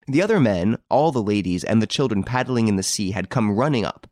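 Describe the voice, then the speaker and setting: Lively low-voiced male audiobook narrator. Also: fairly quick, hardly any pauses, no room sound, clean studio sound. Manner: expressive, lively storytelling.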